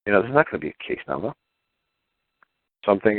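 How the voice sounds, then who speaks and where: Calling in to a talk show, a man with a fairly low pitch speaks quickly but leaves long pauses. The tinny phone line is dry with no echo, and he chats casually, bringing the people he quotes to life with animated voices.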